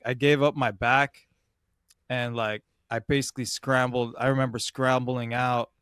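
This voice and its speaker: A young podcast host casually tells a story about a competition, full of slang and swearing, and keeps calling his listener "bro". His mid-range voice is a bit bright and clean. The recording is studio quality with no echo.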